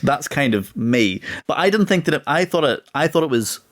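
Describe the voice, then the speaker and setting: A man in his thirties co-hosting a casual podcast chat, talking in an animated, emphatic way. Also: fairly high pitch, normal speed. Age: 30s. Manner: animated, emphatic, acts out quotes. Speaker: podcast co-host.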